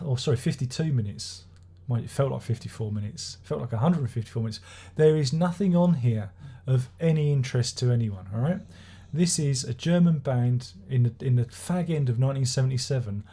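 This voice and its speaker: A man talks through an album review in a loose, rambling way, full of sarcasm, swearing and false starts. His voice is mellow and a little husky, and he sounds like he is chatting off the cuff rather than reading from a script. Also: medium pitch. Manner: sardonic, swearing, rambling with restarts. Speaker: music reviewer. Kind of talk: casual spoken album review.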